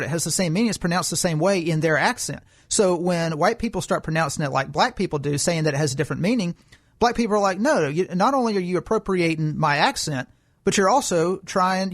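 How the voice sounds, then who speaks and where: A man co-hosting a political podcast, making his case in an emphatic, lecturing way. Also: high voice. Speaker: podcast co-host. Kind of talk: political commentary chat.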